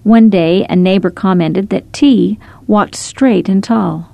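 A woman narrating short scripted stories in a gentle, measured storytelling manner. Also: medium pitch, vocal fry, dry recording.

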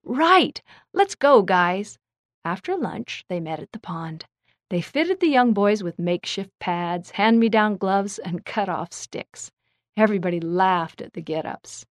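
A woman narrating a children's story, reading it aloud in a clear, measured way. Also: fairly low pitch, dry recording, clean studio sound.

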